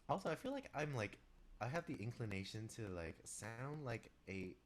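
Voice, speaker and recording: A man with a stuffy nose, chatting to viewers in a live stream as he composes, rambling and distracted. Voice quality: deepened, congested voice. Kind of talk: casual live-stream chat while working.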